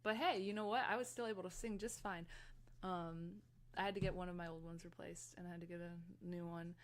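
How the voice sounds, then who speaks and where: A young woman chatting casually and excitably with viewers on a live stream from her room, rambling from one story to the next. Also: fairly low pitch, fairly quick, a little hiss or hum. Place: her room, fan running.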